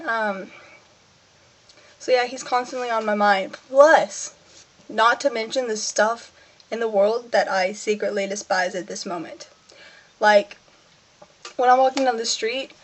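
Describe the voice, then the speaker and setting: A woman's voice: moderate pace, a little hiss or hum. A teenage girl talking casually in a personal vlog, rambling and self-mocking, acting out what she and others said. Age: teens. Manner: rambling, self-mocking, acts out her own quotes in a higher voice. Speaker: vlogger.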